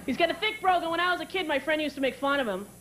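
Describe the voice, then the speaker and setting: A woman's voice: sits high, lively intonation, rapid-fire, noisy background. A woman comedian performing a stand-up set in a brash, sarcastic, profane way. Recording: live club with crowd laughter. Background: audience laughter.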